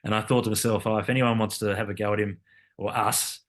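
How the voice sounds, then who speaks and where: A fairly low-pitched man in his fifties, telling stories as an interview guest. He rambles, circles back and fills gaps with "um" and "you know" as he works toward his point. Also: level tone, fast. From Australia. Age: 50s. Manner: rambling, with many fillers and repeated starts. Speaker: guest, Olympic cyclist and commentator. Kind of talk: casual interview conversation.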